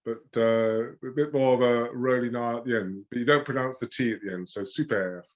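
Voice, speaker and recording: A man's voice: mid-range voice, steady tone, a little fast, highs cut off. A man, a rose expert patiently teaching pronunciation in a casual interview chat.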